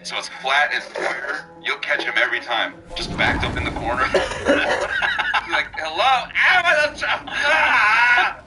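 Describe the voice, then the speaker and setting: A man's voice: mid-range voice, fairly even intonation, moderate pace, low-quality recording. A young man streaming a game, cracking crude jokes and laughing constantly in casual chat. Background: game music.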